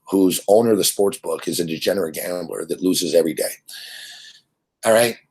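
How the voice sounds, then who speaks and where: A man's voice: sits low, slightly rough. A man hosting a sports betting show, ranting in a blunt, profane, rambling way about gambling on credit.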